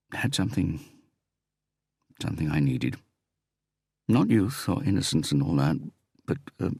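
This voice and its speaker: A man voicing a wealthy, evasive property investor in an audiobook, with a croaky, slightly wobbly voice and a defensive, dismissive way of talking. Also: rumbling low, dry recording, clean studio sound, heavily acted. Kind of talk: audiobook character reading.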